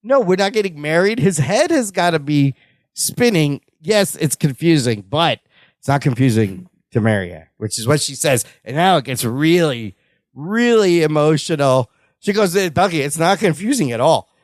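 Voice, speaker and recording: A podcast co-host with a mid-range voice that swoops up and down, chatting about a sitcom episode and quoting the characters' lines. The talk is animated and joking, and the sound is dry and close on the mic. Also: medium pitch, moderate pace, no room sound. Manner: animated retelling, quotes characters and adds jokes. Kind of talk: casual chat recapping a sitcom episode.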